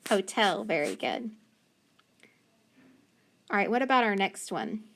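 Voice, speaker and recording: Lady teacher sounding out words slow and patient, phonics lesson, ordinary pitch. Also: big pitch swings, gravelly, a bit bright.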